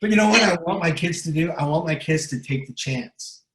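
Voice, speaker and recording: A middle-aged man with a fairly high voice talks as a guest in a motivational interview. He is emphatic and repeats himself, often tagging "right?" onto his points. The recording sounds roomy and echoey. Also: lively intonation, brisk, fairly bright tone. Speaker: guest speaker and recovery coach.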